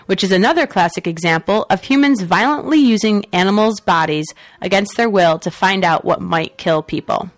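A woman's voice: mid-range voice, no echo. Wry woman radio host reading news. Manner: wry, sarcastic, laughs with a cackle. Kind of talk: reading news items with opinionated asides.

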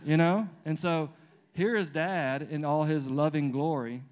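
A man's voice: fairly high pitch, a little slow, clean tone. A man in his thirties preaching in an informal, conversational way, telling family stories with many restarts and fillers. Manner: lively storyteller acting out his toddler and himself. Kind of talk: conversational sermon with personal stories.

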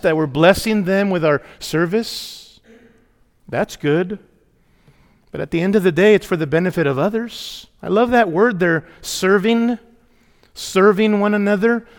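Emphatic male pastor in a reverberant hall. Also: high voice. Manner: emphatic, asks the congregation for responses. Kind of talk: sermon. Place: church sanctuary.

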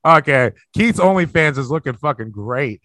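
A man's voice: on the high side, expressive, normal speed, sharp tone, no room sound. A young man hosting a casual podcast over a video call, rambling and swearing, often laughing. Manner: profane, rambling, laughs a lot. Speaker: podcast host.

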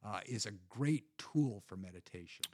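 A man's voice: fairly low pitch, animated, normal speed, a little mellow. A man talking through practical faith habits in an earnest, conversational way, often restarting and repeating words. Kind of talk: casual conversational teaching.

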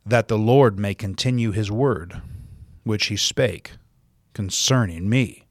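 A man's voice: mid-range voice, no echo, studio quality. Emphatic male pastor preaching. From South Dakota, USA. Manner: emphatic, repeats key words for stress; reads scripture in old-fashioned wording. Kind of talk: sermon.

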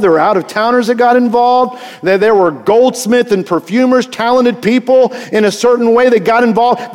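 A middle-aged male pastor preaching a sermon in an animated way, asking his listeners questions and rising to near shouts. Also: high-pitched. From Eastern Kentucky. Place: large church sanctuary. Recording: long reverb of a big hall.

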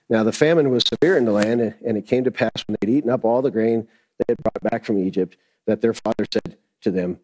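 A man's voice: lowish voice, darkish tone, poor audio. A man giving a conversational sermon as a Bible teacher, reading scripture aloud and then explaining it in loose everyday talk.

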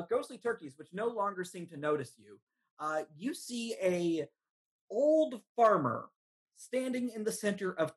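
Slow, husky game master narrating. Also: medium pitch. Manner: relaxed narration with many fillers.

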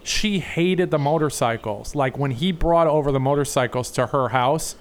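A man's voice: a little high, moderate pace. An American man in casual chat, telling a long, profane, rambling story. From United States.

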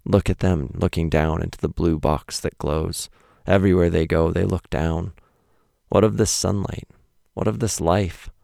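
Sorrowful songbirds, as a deep-voiced man reads them. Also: steady tone, moderate pace, gravelly, no echo, studio quality. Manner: soft, mournful questioning. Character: sorrowful songbirds watching humans.

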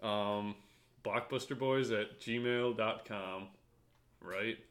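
A young man co-hosting a podcast with a fairly low voice. He jokes and rambles through casual chat, with a lot of "like". He tells stories loosely and keeps the tone light. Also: slow, a bit bright. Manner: joking, rambling, lots of "like". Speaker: podcast co-host.

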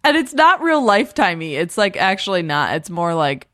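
A woman's voice: lowish voice, big pitch swings, normal speed, a bit bright, no echo, studio quality. A woman co-hosting a podcast, chatting in a rambling way and breaking off her own sentences. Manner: chatty, rambling, self-interrupting. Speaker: podcast co-host. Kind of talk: casual chat.

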